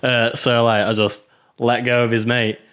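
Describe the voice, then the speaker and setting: Young man, mid-pitched voice, podcast co-host, laid-back, chuckling, loose casual stories. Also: level tone, normal speed, a bit bright. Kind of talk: casual chat.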